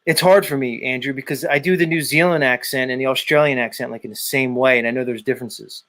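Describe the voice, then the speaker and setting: A man's voice: medium pitch, fairly even intonation, quick pace, a bit bright. A man hosting a casual podcast chat, swearing freely and goading a viewer in a ranting, profane way. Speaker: podcast host.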